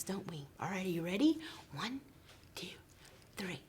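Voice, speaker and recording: A woman preschool teacher telling a story to young children, slow and expressive, often dropping into soft whispers. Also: on the low side, husky.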